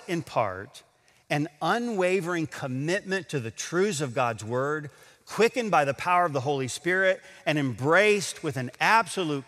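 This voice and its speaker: A man preaching a sermon to a congregation, emphatic, slowing down to stress scripture quotes. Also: a little high, a bit bright, big-room sound. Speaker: pastor. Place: large auditorium.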